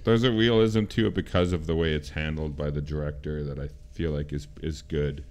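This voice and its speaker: A man co-hosting a casual movie podcast, rambling through his points and trailing off low. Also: steady tone, a little fast, darkish tone. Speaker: podcast co-host.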